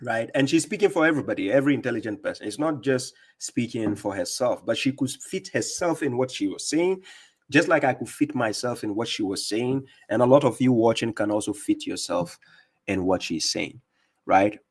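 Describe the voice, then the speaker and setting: A man's voice: mid-range voice, expressive, normal speed, slightly rough. Emphatic accented man hosting a livestream. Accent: non-native English accent. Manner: emphatic, repeats words, answers viewers by name. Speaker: livestream host. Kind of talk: live-stream commentary reading chat.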